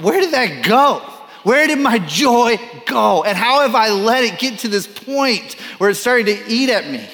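Animated male pastor in a big reverberant hall. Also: high voice. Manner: animated, acts out quoted voices, self-deprecating asides. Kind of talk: sermon.

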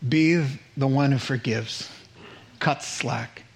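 A middle-aged man preaching a sermon as pastor, animated, with his pitch climbing on rhetorical questions and quotes acted out in character. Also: slow pace, vocal fry.

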